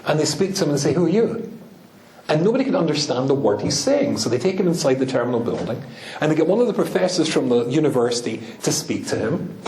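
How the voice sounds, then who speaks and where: A man's voice: mid-range voice, animated, fast talker, a little mellow, a little hiss or hum. A man with a British accent, a rabbi giving a humorous talk to an audience, telling stories and joking with the listeners. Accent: British English. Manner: joking, storytelling, chats with the audience. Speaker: rabbi and speaker. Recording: echoey hall.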